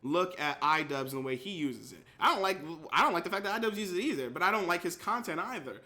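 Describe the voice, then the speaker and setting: A man's voice: high-pitched, fast talker. A young man streaming casually, reacting to and reading out his chat. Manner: animated, reads chat aloud. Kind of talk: casual live-stream commentary.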